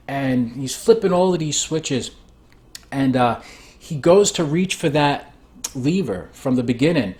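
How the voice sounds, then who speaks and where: A man's voice: on the high side, darkish tone. A man giving a casual spoken recap of a show, rambling and often restarting his sentences.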